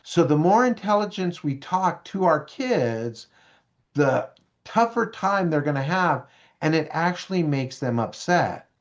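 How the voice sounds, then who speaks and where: A middle-aged man gives a parent-education talk in a lively, conversational storytelling manner. His voice sits a little high for a man. The recording is dull and lo-fi. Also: measured pace. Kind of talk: storytelling presentation.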